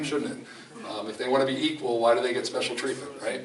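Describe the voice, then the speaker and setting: A man's voice: mid-range voice, fairly even intonation, fast. Man preaching in an echoey hall. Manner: emphatic, storytelling, with frequent restarts. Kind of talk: conversational sermon. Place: fellowship hall. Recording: echoey hall from a distant mic, faint room noise.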